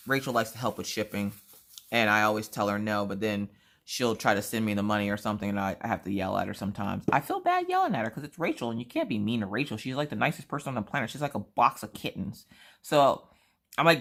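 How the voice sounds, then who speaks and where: A woman's voice: extremely low pitch, animated, quick pace, a bit bright. A woman with a sore throat, chatting casually as she tells a story and acts out the other people in it. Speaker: vlogger.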